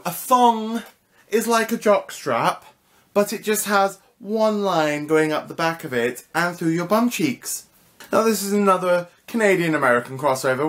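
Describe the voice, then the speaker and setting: A man's voice: a little high, fairly bright tone. A young British man with a cheeky, mock-indignant manner, hosting a comedic vlog lesson. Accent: British English. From United Kingdom. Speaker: vlogger.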